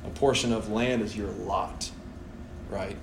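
A young man preaching a sermon in a church, animated and playful, acting out voices as he tells the story. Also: on the low side, a little slow, vocal fry, noisy background. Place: church hall. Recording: echoey church room, faint ambience.

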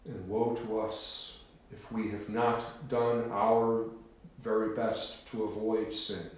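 A man preaching a sermon in a solemn, emphatic, deliberate manner, pausing to stress key words, in a church. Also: on the low side, flat delivery. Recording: very echoey room.

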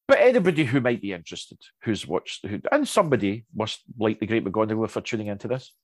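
A man chatting casually and telling anecdotes, lively, with many restarts and asides. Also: on the low side, fast talker, no echo. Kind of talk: casual chat.

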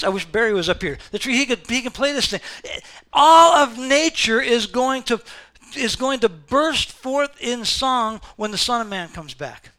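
A pastor delivering a sermon, swinging between quiet, reflective passages and loud, fervent exhortation to the congregation. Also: male voice, very high-pitched, lively intonation, moderate pace.

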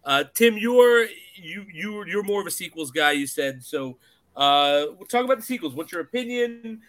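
A man's voice: high voice, expressive, moderate pace, fairly bright tone. A man hosting a podcast who rambles casually, steering the talk with many fillers and restarts. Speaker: podcast host. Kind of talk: casual chat.

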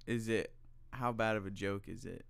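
A man with a smooth, clear voice keeps the chat rolling with questions. He laughs readily and jumps in with quick reactions in an easygoing, conversational tone. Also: fairly low pitch, fairly even intonation. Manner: laughs easily, prompts with questions. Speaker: podcast co-host asking questions.

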